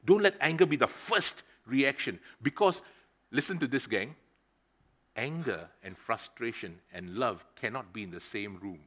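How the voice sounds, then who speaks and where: A middle-aged man preaching a sermon, telling a personal story in a conversational, animated way and speaking straight to the congregation. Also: medium pitch, unhurried, breathy edge. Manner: conversational, addresses the congregation directly; animated storytelling with swings in loudness.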